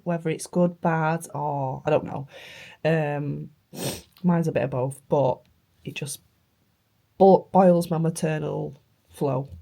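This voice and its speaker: A young woman vlogging casually, emotional and halting, her voice hoarse from flu and tonsillitis, sometimes dropping to near-whispers. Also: sits low, mellow. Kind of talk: casual vlog chat.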